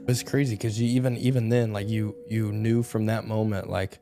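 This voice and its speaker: A man encouraging his guest in a casual faith conversation, talking haltingly. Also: lowish voice, level tone, over music.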